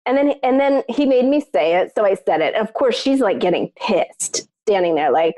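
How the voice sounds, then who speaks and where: A woman co-hosting a podcast, telling a personal story in casual chat, lively and peppered with "like", acting out what others said. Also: medium pitch, moderate pace. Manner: animated, acts out other people's lines in the story; frequent filler "like". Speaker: podcast co-host.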